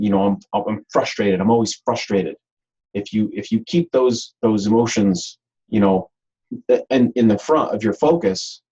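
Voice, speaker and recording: A man's voice: mid-range voice, warm tone, husky, lo-fi sound. A man presenting a webinar in a rambling, unscripted way, with frequent ums and repeated words.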